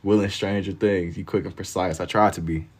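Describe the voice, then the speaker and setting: A man's voice: low voice, steady tone, brisk, darkish tone. A man chatting casually on a livestream while he draws, reading out viewer comments in a laid-back, slangy way and laughing easily. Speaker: livestreamer drawing on stream.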